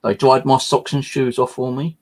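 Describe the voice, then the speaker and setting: A man's voice: mid-range voice, level tone, moderate pace. A man hosting a live stream, chatting casually and rambling with frequent swearing and fillers. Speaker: channel host.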